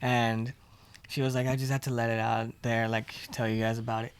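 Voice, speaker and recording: Guy rambling through a work story on a podcast, mid-pitch voice, dead dry sound. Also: flat delivery, fairly quick, clear, resonant tone, dry recording. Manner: rambling storyteller, retells scenes with quoted dialogue. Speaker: podcast co-host. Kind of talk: casual chat.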